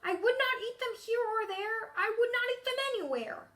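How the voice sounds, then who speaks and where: A woman's voice: very high-pitched, moderate pace, a bit bright, voice pushed up. Woman doing a grumpy storybook character. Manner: grumpy, insistent refusals. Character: grumpy stubborn picky-eater character.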